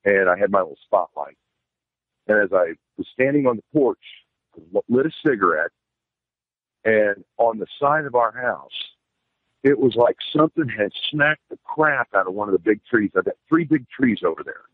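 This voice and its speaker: A man's voice: lowish voice, lively intonation, moderate pace, no room sound. A man telling a first-person outdoor encounter story in a rambling, plainspoken way, using folksy phrasing. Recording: tinny phone line, dry.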